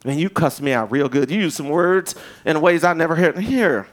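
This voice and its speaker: This male pastor's sermon comes in a slightly high voice at an ordinary speed. He speaks loosely, as if in conversation, with asides and restarts, and his volume rises to loud emphasis before dropping to hushed.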